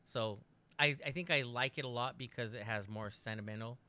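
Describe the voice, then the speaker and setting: Bright-voiced man telling a story. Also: mid-range voice, a little fast, smooth. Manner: animated storyteller, laughs often, rambling restarts. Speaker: podcast co-host. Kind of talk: casual chat, telling a story.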